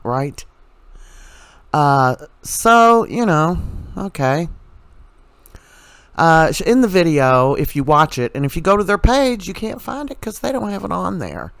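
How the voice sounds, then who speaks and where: A man's voice: mid-range voice, a bit bright, clean tone, no echo. A man hosting a casual commentary vlog, ranting in a sarcastic and exasperated way. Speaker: commentary channel host.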